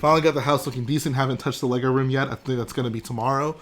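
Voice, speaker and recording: A man's voice: medium pitch, steady tone, rapid-fire, a bit bright, a little hiss or hum. A young man hosting a casual livestream, joking and chatting with his viewers. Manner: joking, chatty, responds to chat. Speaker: livestream host.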